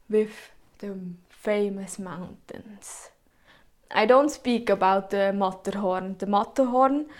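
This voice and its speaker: A young woman with a Swiss German accent giving an informal presentation in English, hesitant, with frequent ums and self-corrections. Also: medium pitch. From Switzerland.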